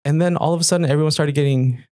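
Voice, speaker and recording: Middle-aged male guest, lively storyteller who acts out dialogue; dry, close sound. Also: very fast, no echo. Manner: animated, acts out past dialogue with lively pitch jumps. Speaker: guest, worship musician. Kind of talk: casual storytelling interview.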